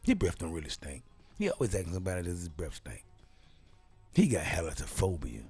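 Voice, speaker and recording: A man putting on a gruff, low voice for a buddy who insists on gossip about the host. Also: wildly swooping pitch, a little fast, a little mellow, soft background music. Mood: insistent.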